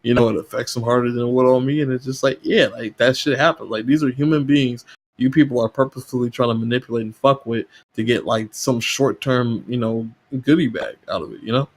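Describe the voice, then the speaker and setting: In a steady, brisk tone, this guest on a gaming podcast chats casually before tearing into an angry, profanity-laced rant. His pitch rises as the tirade builds.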